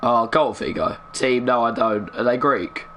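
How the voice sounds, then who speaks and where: A young man talks through a football video game match as he plays, keeping his voice low on purpose. His voice sits at an ordinary middle pitch, and he chats and mutters along between sudden bursts of excitement. A faint hum runs under the recording. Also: moderate pace. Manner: chatty, muttering, bursts of excitement at big moments. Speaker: gaming streamer. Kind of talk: live gameplay commentary.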